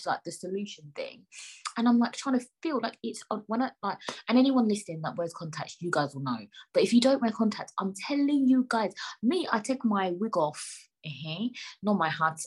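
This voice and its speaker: A young woman telling an animated, exasperated story to her viewers in slangy, casual speech. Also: mid-range voice, husky. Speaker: vlogger.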